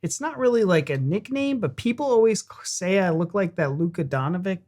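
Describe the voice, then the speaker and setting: A man's voice: sits high, expressive, fairly quick, darkish tone. Laid-back joking American man. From United States. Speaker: reaction channel co-host. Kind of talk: casual reaction chat.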